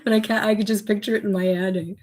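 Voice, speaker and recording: A woman's voice: mid-range voice, steady tone, fast, darkish tone. A woman co-hosting a casual chat show, telling animal stories and laughing through them. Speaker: co-host.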